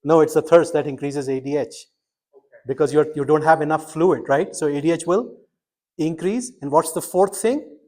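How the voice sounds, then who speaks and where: Middle-aged male instructor, slightly high voice, lively classroom lecture, quizzes students. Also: moderate pace. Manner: quizzing students, animated and emphatic. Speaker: medical school instructor.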